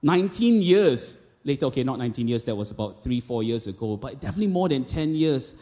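Speaking fast with big pitch swings, a man's medium-pitched voice carries a dark tone. The long reverb of a large hall fills the church auditorium where this Malaysian English-accented pastor in his thirties preaches, telling stories with quoted voices and casual asides.

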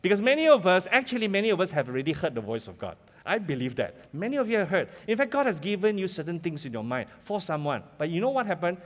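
Man, middle-aged pastor, lively sermon, long hall echo. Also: high voice, fast talker, few pauses. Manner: animated, lively preaching with frequent "all right?" and "ah" tags.

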